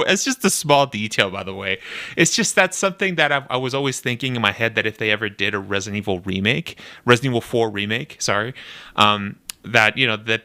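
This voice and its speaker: A young man casually commenting on a game trailer, animated and nitpicky, laughing often as he talks. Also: medium pitch, clean tone. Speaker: video reactor.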